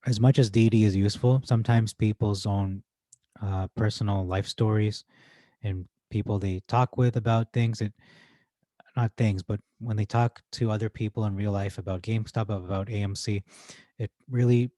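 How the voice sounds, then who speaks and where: Rambling excitable man, mellow voice. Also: lowish voice, moderate pace, no echo. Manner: excitable, rambling, self-correcting. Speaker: host. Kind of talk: casual stock commentary reading forum posts.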